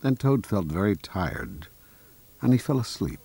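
A man reading a children's storybook aloud in a slow, clear, expressive way. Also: deep voice.

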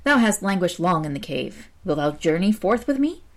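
A woman's voice: fairly low pitch, sing-song, normal speed. A woman voicing a kindly young male archer in a read-aloud folk tale, speaking in archaic formal phrasing. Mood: earnest.

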